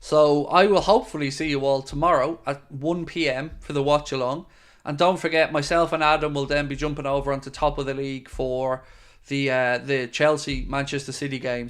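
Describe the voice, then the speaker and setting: A man's voice: mid-range voice, fairly bright tone, smooth. A middle-aged man hosting a casual fan live stream, reading out viewer comments in a chatty, friendly way. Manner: chatty and friendly, with frequent fillers. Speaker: fan channel host.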